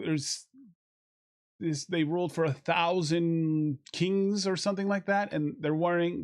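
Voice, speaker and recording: A man reviewing a film in casual chat, rambling and animated, swearing casually. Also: a little high.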